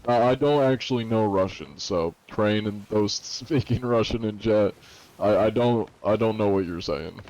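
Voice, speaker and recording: A man's voice: fairly low pitch, normal speed, a little mellow, lo-fi sound. A 21-year-old American man streaming and joking sarcastically while answering questions from chat. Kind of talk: casual livestream chat.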